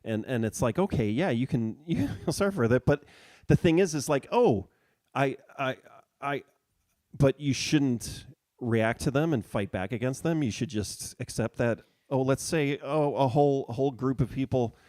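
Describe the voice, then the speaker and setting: A man's voice: medium pitch, normal speed, darkish tone, no room sound, clean studio sound. A man co-hosting a casual political chat, rambling and hesitant as he searches for words. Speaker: podcast co-host.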